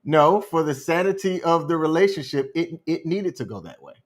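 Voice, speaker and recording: A man co-hosting a podcast, telling a story in a calm, measured, unhurried way. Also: fairly high pitch. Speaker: podcast co-host. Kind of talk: casual storytelling chat.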